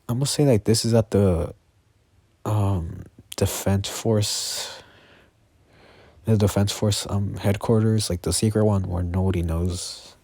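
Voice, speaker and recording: A tired man makes up a story as he goes, in a very deep, slow voice. He stops, restarts and corrects himself often. The sound is dry and close. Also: dark tone, dry recording. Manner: halting, self-correcting, many fillers. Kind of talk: improvised fan story narration.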